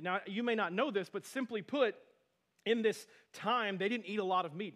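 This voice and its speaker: A man in his thirties, a pastor, preaching a sermon in a conversational, animated storytelling way with frequent asides. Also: high voice.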